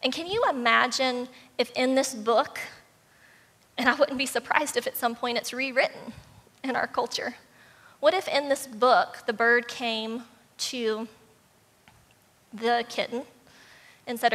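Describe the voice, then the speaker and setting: A woman pastor preaching a sermon, retelling a children's story and acting out its characters with animated voices. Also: sits high, moderate pace. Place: church sanctuary. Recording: long church hall reverb.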